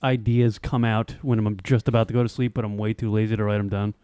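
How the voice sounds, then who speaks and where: A man's voice: fairly low pitch, level tone, fast, dark tone, clean tone, dry recording. A man co-hosting a podcast, talking in a laid-back, rambling way with crude jokes. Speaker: podcast co-host. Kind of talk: casual banter.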